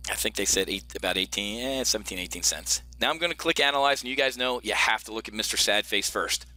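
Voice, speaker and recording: A man's voice: on the low side, quick pace, bright, forceful tone, no echo. A middle-aged man coaching options trading from home, talking through a screen-share lesson in a brash, joking way and calling his viewers "folks". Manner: brash, jokey, talks straight to viewers as folks. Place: home office.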